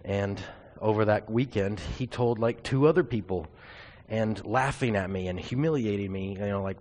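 A man's voice: on the low side, moderate pace, darkish tone. A man preaching a sermon, telling a personal testimony in an earnest, confessional storytelling way.

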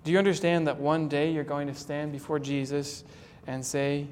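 A man preaching a sermon in an earnest, dramatic way, retelling a story and slowing down to stress his points. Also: on the high side, little pitch movement, darkish tone, big-room sound, a little hiss or hum.

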